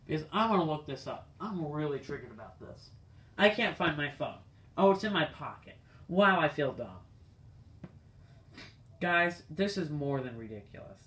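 Young man, slightly high-pitched, exasperated, ranting, casual video review. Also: lively intonation, normal speed, pauses often, fairly bright tone. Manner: exasperated, ranting, talks to viewers. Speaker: diecast collector reviewing cars.

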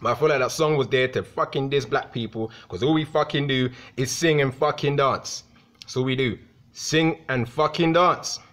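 A young man rants to his viewers in a heated, foul-mouthed vlog. His voice has a mid pitch and often jumps up when he gets worked up. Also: fairly even intonation, fairly quick, a bit bright. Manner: heated, profane, swings in pitch. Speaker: vlogger. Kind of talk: profane rant vlog.

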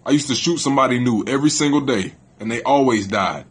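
A man's voice: mid-range voice, quick pace, husky, voice pushed down. A man playing a boastful young inmate who preaches to youths in a comedy skit, with exaggerated tough talk. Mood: lecturing.

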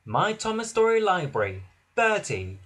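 A man reading a children's storybook aloud in an expressive, sing-song way. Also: high-pitched, moderate pace. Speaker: narrator.

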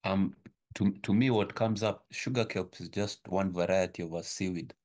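Deep-voiced man with an African accent. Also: steady tone, moderate pace, darkish tone. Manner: hesitant, many fillers. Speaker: webinar participant. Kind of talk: video call discussion.

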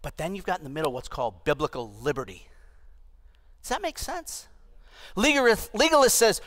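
A pastor in his fifties preaching an animated, humorous sermon to his church, with asides to the congregation. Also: high voice, brisk, pauses often. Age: 50s. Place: church sanctuary.

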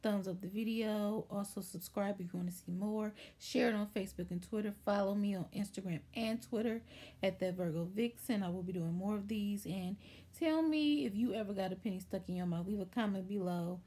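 A woman hosting a casual storytime vlog, telling a story from her childhood. Her voice is mellow and a bit husky, and she slips into livelier voices to act out the people in the story. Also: mid-range voice, a little fast. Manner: chatty, animated, acts out voices in quotes.

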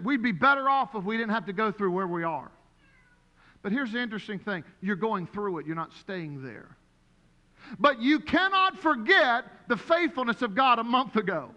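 Animated preacher in a reverberant church. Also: male voice, very high-pitched. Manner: animated, storytelling with acted-out voices. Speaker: pastor. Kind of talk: sermon. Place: church sanctuary. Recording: long hall reverb.

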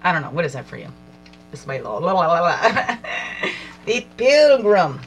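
A woman reading oracle cards aloud as a spiritual guide, slowly repeating lines and musing in asides. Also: on the low side, sing-song, slight background noise, low-quality recording. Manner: slow, reflective, repeats lines aloud, soft laughs and asides.

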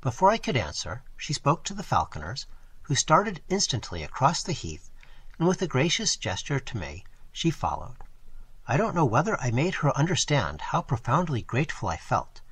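A man narrating a first-person story for an audiobook in an expressive storytelling manner. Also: medium pitch, normal speed, slightly rough. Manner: expressive storytelling, varied delivery.

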